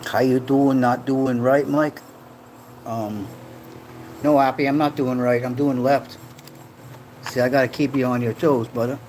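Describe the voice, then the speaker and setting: A man's voice: medium pitch, fairly even intonation, measured pace, pauses often, darkish tone, slight background noise. A man from Rhode Island hosting a casual livestream, rambling and joking as he reads chat comments aloud. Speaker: livestream host. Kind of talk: casual live-stream chat. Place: home room in the Philippines.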